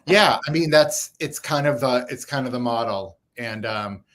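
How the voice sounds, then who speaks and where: A man's voice: mid-range voice, moderate pace, fairly bright tone. A man guesting on an interview show, talking in a thoughtful, explanatory way. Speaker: author guest. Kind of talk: casual interview chat.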